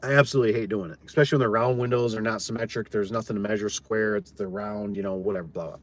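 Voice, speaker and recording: A man's voice: lowish voice, fairly even intonation, racing. A man who runs a garage door business, telling a job story in a rambling, blunt, folksy way and often repeating his words. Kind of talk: casual storytelling chat.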